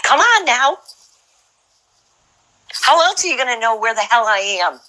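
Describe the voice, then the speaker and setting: A woman's voice: fairly high pitch, very animated, moderate pace, pushed and bright. A woman putting on the playful, teasing voice of a departed woman friend, sing-song and laughing.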